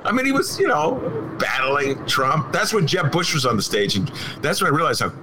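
A man's voice: a little high, sing-song, a little fast, noisy background. A man hosting a political podcast, chatting casually in a self-deprecating way and laughing often. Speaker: podcast host.

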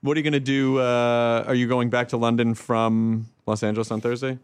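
A man from the American South hosting a casual chat, playful and quick to laugh. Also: mid-range voice, little pitch movement, clean tone, dry recording. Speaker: host.

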